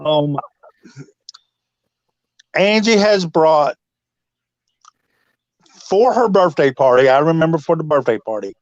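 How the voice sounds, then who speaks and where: A man chatting casually with a friend in a slow, folksy, affectionate way. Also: fairly high pitch, no echo, dull audio. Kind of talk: casual chat.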